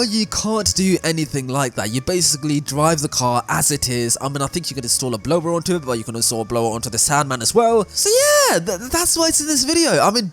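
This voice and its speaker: A man giving casual, rambling voice-over commentary on a video game, excitable and often correcting himself mid-sentence. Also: fairly high pitch. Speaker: gaming commentator.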